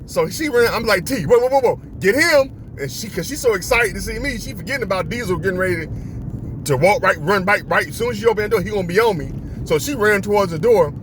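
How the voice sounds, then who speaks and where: A man from Florida, a vlogger telling a story casually on a phone, animated and acting out voices. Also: high-pitched, fast. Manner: animated, acts out voices, laughs often. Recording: outdoor street and traffic noise.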